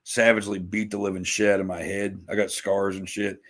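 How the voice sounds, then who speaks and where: A man's voice: low voice, little pitch movement, a little fast, fairly bright tone. A man, chatting on a podcast in a rambling, profane and self-mocking way. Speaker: podcast guest, musician. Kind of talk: casual podcast chat.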